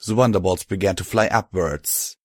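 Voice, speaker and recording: A man narrating an audiobook in a steady, measured storytelling voice. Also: fairly low pitch, no echo, clean studio sound. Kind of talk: scripted narration.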